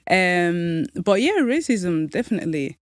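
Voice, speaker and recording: A young adult woman from Somalia, raised in Norway, speaking as a podcast guest in a measured, reflective way. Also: lowish voice, sing-song, no echo, clean studio sound. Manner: measured and reflective, many soft "mm" replies. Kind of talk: conversational interview.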